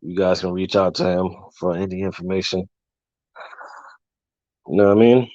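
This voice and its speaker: A man hosting a casual livestream, talking loosely with fillers and giving long shout-outs. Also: deep voice, no room sound. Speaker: livestream host. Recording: dull, lo-fi dry sound.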